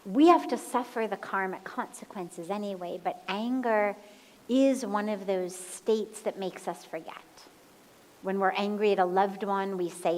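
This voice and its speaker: A woman spiritual teacher answering a question in a calm, measured talk and guiding a slow breathing exercise aloud. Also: mid-range voice, poor audio. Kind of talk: slow, gentle satsang talk. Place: satsang hall.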